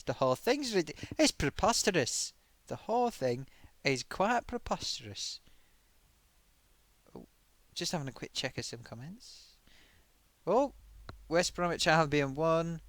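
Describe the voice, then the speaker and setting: A man's voice: fairly high pitch, a bit bright, dry recording. A man as a chatty sock puppet host. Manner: chatty, full of oofs and sighs. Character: cheeky male sock puppet show host. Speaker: host reading viewer comments. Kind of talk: live-stream chat.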